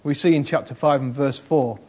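A man's voice: mid-range voice, steady tone, brisk, darkish tone, slightly rough. A man preaching a conversational sermon, repeating phrases for emphasis and often saying "you know". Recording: dull lo-fi sermon recording.

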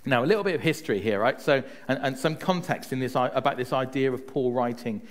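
A man's voice: medium pitch, quick pace. A man preaching a conversational sermon, telling personal stories and often checking in with his listeners. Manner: chatty, often adds "right?" to check in with listeners; tells personal stories to make a point.

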